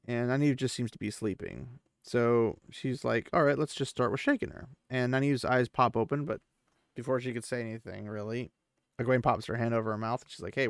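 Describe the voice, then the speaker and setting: A man with a gravelly voice recaps a book chapter in a loose, casual way, tossing in offhand asides. He is recorded close on a dry mic with no room sound. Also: mid-range voice, no room sound. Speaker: podcast host recapping a novel.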